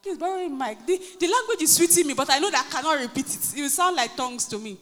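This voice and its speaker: A Nigerian woman pastor preaching a lively sermon, acting out quotes and joking with her congregation. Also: sits high, fast. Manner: animated, acts out quotes, jokes with the congregation. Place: church hall. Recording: reverberant church hall.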